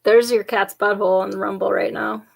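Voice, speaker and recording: A woman's voice: mid-range voice, steady tone, normal speed, vocal fry. A woman co-hosting a casual chat, telling jokey stories with lots of laughter. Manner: chatty, jokey storyteller, frequent laughs. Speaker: podcast co-host.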